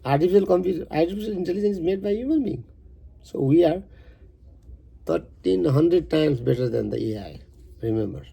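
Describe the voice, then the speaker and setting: A man who is a poet, reading his poem verse by verse and stopping for halting, rambling asides. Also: a little high, expressive, vocal fry, dark tone, breathy edge.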